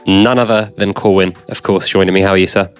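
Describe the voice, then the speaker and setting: A man hosting a casual podcast, relaxed and jokey, drawing out his phrases. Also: deep voice, fast, clean tone, soft background music. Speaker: podcast host.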